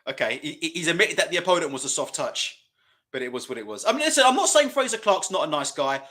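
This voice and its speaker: Brief: male streamer, lively swooping delivery, loose casual commentary. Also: on the high side, fast. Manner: mocking, laughing, loose and profane. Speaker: livestream boxing watch-along host.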